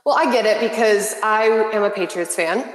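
A woman's voice: medium pitch, moderate pace. A woman hosting a sports talk show, chatty and at times sarcastic as she asks her guest questions. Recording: echoey room with long reverb.

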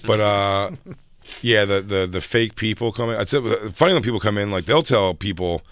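A man's voice: lowish voice, moderate pace, a bit bright, no echo, studio quality. A man co-hosting a casual comedic chat, telling stories in a rambling way and swearing freely. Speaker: co-host.

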